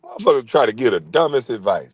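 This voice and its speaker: Man, middle-aged, profane comic rant, lively swooping delivery, dry close mic. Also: medium pitch, fast talker, slightly rough, no room sound. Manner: loud, crude, laughing often. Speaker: streamer.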